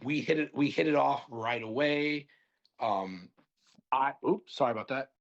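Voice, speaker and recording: A man's voice: mid-range voice, a little slow, muffled recording. A young man as a podcast guest, telling a long story in casual chat, rambling with many fillers and restarts.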